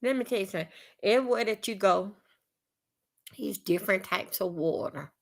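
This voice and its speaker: This is a live-stream commentary rant from a woman from Florida who has a Southern accent. She talks briskly at medium pitch with a creaky quality, cursing bluntly, rambling and circling back to repeat herself.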